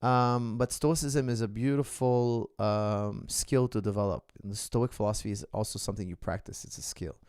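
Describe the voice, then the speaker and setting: A man's voice: fairly low pitch, moderate pace, few pauses, darkish tone, smooth, dry recording, studio quality. A middle-aged man, a martial arts coach, answering viewer questions in an earnest, philosophical casual monologue. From the West.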